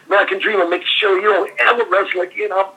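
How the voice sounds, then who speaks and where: A man's voice: high-pitched, steady tone, quick pace, pushed and bright, breathy edge, highs cut off, voice pushed up, full character voice. A man impersonating an older male wrestler who is ranting with outraged threats.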